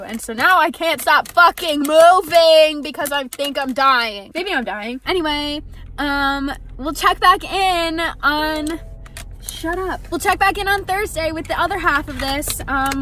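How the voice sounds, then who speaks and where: High-voiced young woman vlogging. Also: a little hiss or hum. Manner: expressive, swearing, sarcastic storytelling. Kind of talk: casual storytime vlog. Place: in a car.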